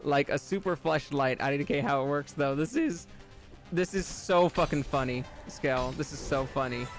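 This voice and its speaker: A male streamer casually chatting with his viewers while playing a platformer game, reading messages aloud and breaking into loud, high laughing fits. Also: normal speed, faint music behind. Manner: reads chat aloud and reacts with loud, high laughing outbursts. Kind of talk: live game stream chat.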